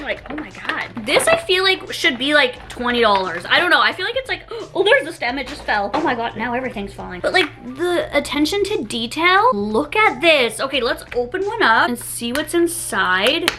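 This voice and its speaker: A young woman doing a casual food taste-test vlog, gasping and rambling excitedly with lots of "like.". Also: high-pitched. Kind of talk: casual food review chat.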